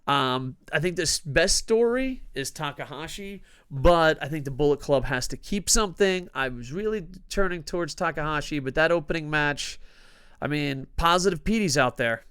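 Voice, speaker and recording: A man with a somewhat high, smooth and clear voice, hosting a casual wrestling news rant. He talks in a grumpy, profane way, dropping to mutters and then bursting out loud. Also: animated, moderate pace. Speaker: host of a wrestling news show.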